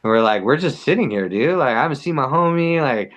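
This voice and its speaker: A man's voice: mid-range voice, fast. A man telling a wild story as a podcast guest, casual and profane, with "like" in almost every line. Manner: animated, profane, heavy use of "like".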